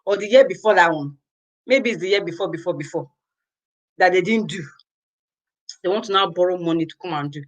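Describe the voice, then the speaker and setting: A woman's voice: fairly low pitch, a little fast, pauses often, low-quality recording. A Nigerian woman vlogging to her viewers, ranting in an exasperated, exclamatory way, with lots of repetition. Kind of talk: casual ranting commentary to viewers.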